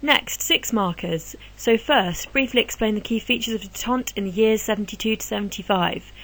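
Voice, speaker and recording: A woman history teacher giving an exam revision lesson, explaining answers step by step in a brisk, encouraging way. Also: medium pitch, fairly bright tone, poor audio.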